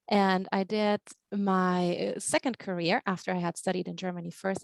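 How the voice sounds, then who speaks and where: Gravelly-voiced woman interpreting, dry sound. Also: lowish voice, dry recording, low-quality recording. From Argentina. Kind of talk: consecutive interpreting. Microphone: video call.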